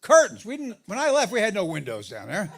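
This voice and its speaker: A middle-aged man doing a stand-up comedy set, telling stories about his marriage, his voice jumping up high for the punchlines. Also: fairly quick, vocal fry. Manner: animated storytelling, voice jumps up for punchlines. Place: live comedy venue with audience laughter.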